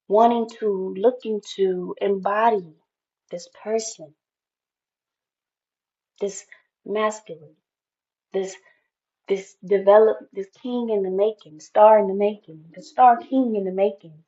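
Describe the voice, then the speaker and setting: A woman's voice: mid-range voice, fairly even intonation, slow pace, pauses often, warm tone, dull audio. A woman giving an intuitive tarot reading, talking in an emphatic, spiritual way and often repeating phrases. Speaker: tarot reader.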